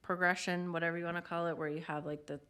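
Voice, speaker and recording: A woman's voice: on the low side, little pitch movement, quick pace, sharp tone, clear, resonant tone. A woman co-hosting a casual chat, telling a funny story about a game with lots of fillers and laughter. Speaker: podcast co-host.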